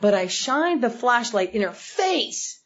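A woman sharing personal stories at a recovery meeting, earnest and animated as she acts out what people said. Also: on the high side, takes it slowly. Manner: earnest, animated storyteller acting out quotes. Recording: dull lo-fi recording.

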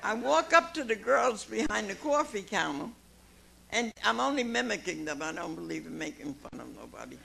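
In a meeting room, a recovery meeting speaker in her nineties shares a folksy testimony with the audience, laughing a lot and calling people "honey." Her medium-pitched voice swings widely in pitch and sounds gravelly, pushed and bright, at a moderate pace. The audio is rough.

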